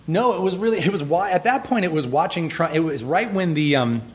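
A man's voice: on the high side, a little fast. A man in a casual conversation, telling stories and acting out other people's lines in a raised voice. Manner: animated, acts out quotes in a raised voice. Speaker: animated series co-creator guest.

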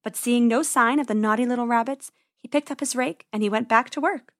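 A woman reading a children's story aloud in a gentle, expressive way. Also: fairly high pitch, brisk.

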